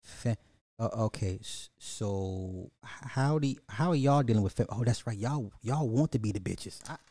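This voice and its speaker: A man hosting a podcast, ranting about social topics to his audience in a profane, animated way, often repeating and restarting words and laughing at his own points. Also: lowish voice, moderate pace. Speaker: podcast host. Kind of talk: live-stream social commentary rant.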